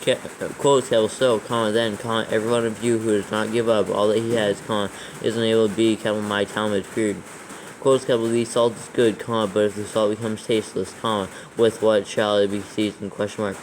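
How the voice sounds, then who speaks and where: Low, flat-voiced man dictating punctuation. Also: quick pace, slight background noise, rough recording. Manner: reads steadily, calling out each comma and quote mark. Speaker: scripture proofreader. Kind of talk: dictating scripture text with spoken punctuation.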